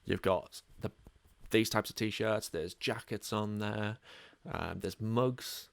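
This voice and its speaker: A man's voice: on the low side, slow pace, gravelly, clear, resonant tone, dry recording. A man with an English accent hosting a casual podcast, rambling along with lots of ums. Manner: relaxed, rambling, many ums. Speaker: podcast host.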